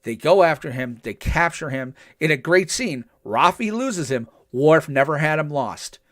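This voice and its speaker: An older man hosting a podcast, recapping episodes in casual chat and acting out quotes with animated energy. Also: on the high side, unhurried. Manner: animated storytelling, acts out quotes. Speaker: podcast host.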